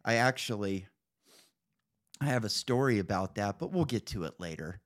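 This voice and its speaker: A man's voice: on the low side, animated, moderate pace. A man hosting a podcast in casual chat, telling loose, profane stories. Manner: loose, profane storytelling with laughs. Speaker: podcast host.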